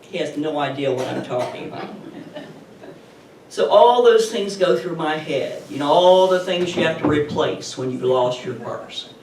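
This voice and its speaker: A woman's voice: sits low, normal speed. Chatty woman storyteller in a roomy space. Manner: animated, chatty retelling with laughs. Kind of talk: personal story told live to an audience. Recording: roomy, distant mic with faint noise.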